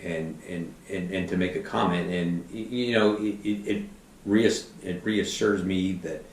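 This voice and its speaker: A middle-aged man, a fire battalion chief, telling animated anecdotes and acting out quotes in a casual interview. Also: low voice, unhurried. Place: podcast studio. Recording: roomy, somewhat distant mic.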